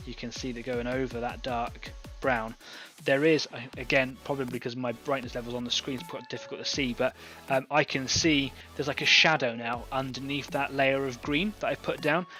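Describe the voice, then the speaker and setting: A man's voice: mid-range voice, steady tone, moderate pace, hardly any pauses, bright, forceful tone, faint music behind. A man hosting an online painting club, chatting casually and thinking aloud as he demonstrates airbrush painting. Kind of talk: casual live-stream painting demo.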